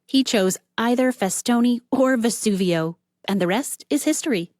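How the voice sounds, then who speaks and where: A woman voicing a cheerful, brash young barista who chatters on, a little higher than her narrating voice. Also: normal speed, darkish tone, no echo, studio quality, lightly acted. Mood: chatty. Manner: bubbly, brash, talkative.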